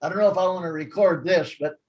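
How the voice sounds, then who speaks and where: Chatty high-voiced man teaching a class. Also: quick pace, muffled recording. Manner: chatty, jokey, laughs at his own asides. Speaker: language class host. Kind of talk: casual teaching chat.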